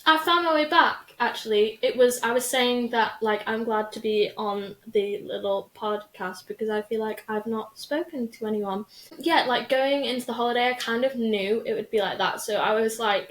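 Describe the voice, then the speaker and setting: A woman's voice: fairly high pitch, normal speed, a bit bright. A young woman, hosting a podcast in a rambling, chatty way full of fillers. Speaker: podcast host. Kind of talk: casual chat. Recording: echoey room.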